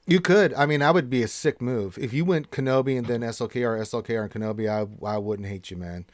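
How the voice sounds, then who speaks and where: Casual gamer man for a livestream co-host, slangy and relaxed, mid-pitched, dry close sound. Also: fast talker, dry recording. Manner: laid-back, slangy, calls people dude and man. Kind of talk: casual chat, reading viewer questions.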